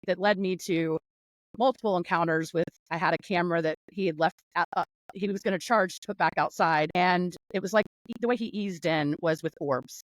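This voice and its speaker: A woman from North Carolina, speaking as a guest in a casual interview over a video call, telling a long story with laughs and quick restarts. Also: fairly low pitch, no echo, low-quality recording. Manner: animated, laughing, rambling storytelling.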